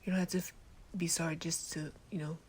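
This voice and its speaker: A woman voicing a protective, sleepy teenage boy in a gentle, laid-back whispered role-play. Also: low-pitched, level tone, fast, husky. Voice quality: soft whisper. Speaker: ASMR creator.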